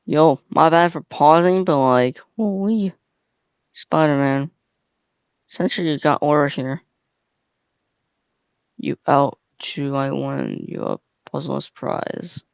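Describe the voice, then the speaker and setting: A man's voice: on the high side, sing-song, slow, vocal fry, pauses often, clean tone, dry recording. A young man hosting a casual reaction video, rambling with lots of fillers and slang. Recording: dull, lo-fi, dry sound.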